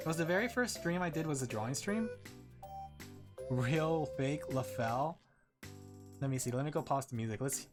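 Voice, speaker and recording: Giggly Australian woman streamer. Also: low voice. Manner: playful and giggly, joking dramatically with chat. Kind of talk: casual stream chat with viewers.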